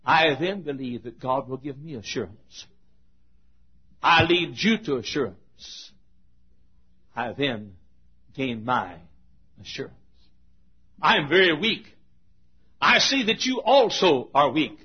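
Animated older male preacher, lo-fi recording. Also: a little high, slow pace, long pauses, slightly rough. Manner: animated storytelling, swings from shouts to hushed asides. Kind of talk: sermon. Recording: dull lo-fi old recording.

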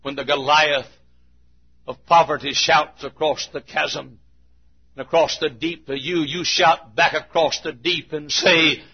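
A man's voice: fairly high pitch, fairly even intonation, a little slow, slightly rough. A man preaching a sermon in a church with an emphatic, repetitive cadence. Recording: muffled lo-fi recording.

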